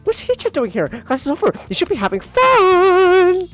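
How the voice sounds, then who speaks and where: A man voicing a bubbly, hyperactive teenage schoolgirl in a visual novel, squealing in a high sing-song. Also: huge pitch swings, moderate pace, fairly bright tone, soft background music, full character voice. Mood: chirpy.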